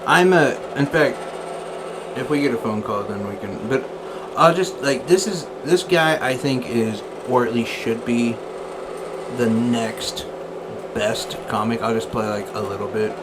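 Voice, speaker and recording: A male radio host in loose, rambling chat, often laughing as he goes. His pitch sits mid-range, and there is clear noise behind him in the studio. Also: measured pace.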